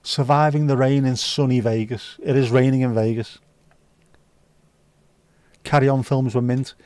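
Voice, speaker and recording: Bloke chatting on a livestream, mellow low-key voice, dry sound, swears a lot and jokes around. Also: male voice, steady tone, moderate pace, clean tone, no room sound. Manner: sweary, jokey banter. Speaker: livestream host. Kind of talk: casual chat reading viewer comments. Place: indoors.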